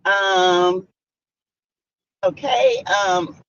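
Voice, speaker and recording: A woman's voice: mid-range voice, extremely slow, slight background noise. A woman hosting a casual live stream, chatting and greeting viewers by name. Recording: dull lo-fi stream audio.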